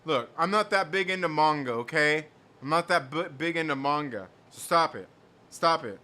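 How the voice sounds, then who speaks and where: A man's voice: fairly high pitch, lively intonation, normal speed, pushed and bright. A man hosting a casual live stream, reading chat messages aloud and riffing on them. He rambles, repeats himself and laughs often.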